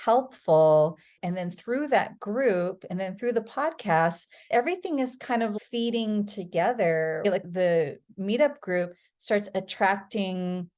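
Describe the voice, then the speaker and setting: Woman, middle-aged, podcast guest, casual storytelling, animated, mid pitch. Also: takes it slowly, hardly any pauses. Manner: animated, lively, acts out quoted voices.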